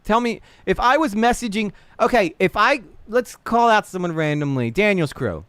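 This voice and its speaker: Animated, blunt male streamer, clear voice. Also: high-pitched, normal speed, no room sound. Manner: animated and blunt, swears freely, talks to chat. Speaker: livestream host. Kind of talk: casual livestream reaction.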